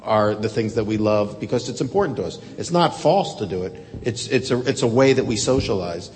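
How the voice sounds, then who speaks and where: Male host, lowish voice, rambling and thoughtful, live audience in a reverberant hall, faint rumble. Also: expressive, brisk, a little mellow. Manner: rambling, thoughtful, many restarts. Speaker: radio talk show host. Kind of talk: hosting a live audience discussion.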